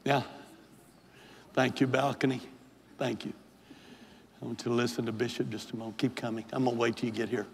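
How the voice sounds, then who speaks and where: An older bishop preaches and gives an altar call in a vast Pentecostal sanctuary. His mid-range voice is fairly quick, with little pitch movement, some vocal fry, and frequent pauses as his pleading rises to hollering. Long church reverb dominates, along with a little hiss or hum.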